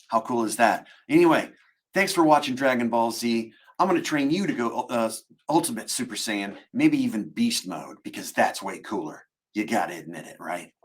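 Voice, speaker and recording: A man's voice: medium pitch, expressive, normal speed, fairly bright tone, husky. A man voicing a cheerful young adult male martial arts hero in an upbeat, encouraging way.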